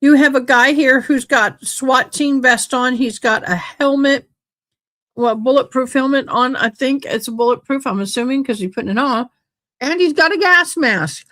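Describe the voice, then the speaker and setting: A woman with a high voice gives live commentary as a stream host. She talks through footage with open disbelief and frustration. Her questions come across as pointed. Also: fairly even intonation, normal speed, fairly bright tone. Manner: incredulous, exasperated, questioning. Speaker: livestream host reviewing footage.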